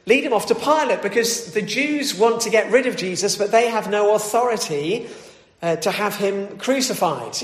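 A man reading scripture aloud, then preaching a sermon in a conversational way, full of fillers and restarts. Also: sits high. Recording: echoey church hall.

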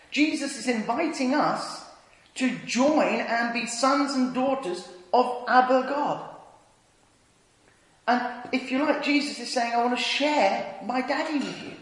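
A man preaching a sermon, telling stories earnestly and dropping to a hush on tender points. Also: very high-pitched. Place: church. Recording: echoey church hall.

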